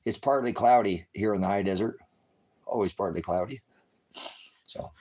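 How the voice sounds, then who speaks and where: A man's voice: fairly low pitch, moderate pace, darkish tone, slight background noise. A man hosting a rambling livestream, cracking jokes, swearing freely and urging viewers to act. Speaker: livestream host. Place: high desert home.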